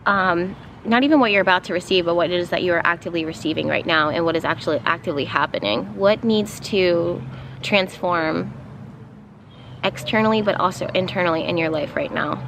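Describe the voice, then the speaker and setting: A woman giving a casual spiritual card reading outdoors, rambling a little with fillers and soft laughs. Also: on the low side, brisk, vocal fry, a little hiss or hum. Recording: outdoor ambience with passing vehicles. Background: outdoor ambience and vehicles.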